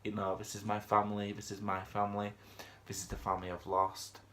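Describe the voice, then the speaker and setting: A man's voice: on the low side, monotone, a little fast, a bit bright, slight background noise. A man giving a casual, unscripted review of a TV episode, chatty and rambling, with lots of fillers and restarts.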